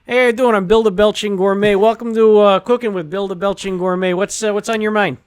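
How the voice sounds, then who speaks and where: A man voicing a brash Chicago guy who hosts a cooking act, with a Chicago accent and loud, cocky greeting patter. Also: sits high, fairly even intonation, quick pace, clean tone, pitched above the performer's own voice, close to an everyday voice.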